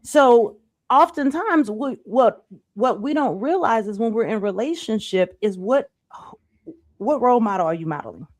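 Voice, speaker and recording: A woman in her thirties, a life coach, talking in a casual faith-based chat, animated and repeating herself for emphasis. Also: fairly high pitch, normal speed, no room sound, clean studio sound.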